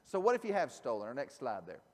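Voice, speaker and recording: A man, a pastor, preaching a conversational sermon that moves from quiet asides to loud emphasis. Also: medium pitch, wildly swooping pitch, quick pace. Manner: conversational, swings from soft asides to shouted emphasis. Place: church sanctuary. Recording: church hall with long reverb.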